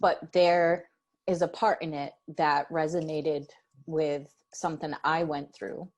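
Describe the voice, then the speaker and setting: A woman's voice: deep voice, fairly even intonation, slow pace. Young woman telling a story, chatty. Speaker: podcast co-host. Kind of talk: casual chat.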